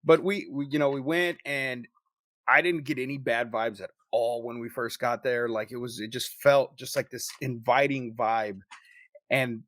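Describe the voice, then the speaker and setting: A man of middle pitch tells a story on a podcast in loose, casual chat. He swears often and tells it with animated energy. The sound is dry and close, with no room around it. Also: normal speed, no room sound. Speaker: podcast co-host.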